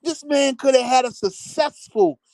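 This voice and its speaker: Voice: high-pitched, unhurried, a little mellow, no room sound, clean studio sound. A live streamer ranting at their viewers in sarcastic commentary, mocking them and hammering points home by repeating phrases, with blunt, casual swearing.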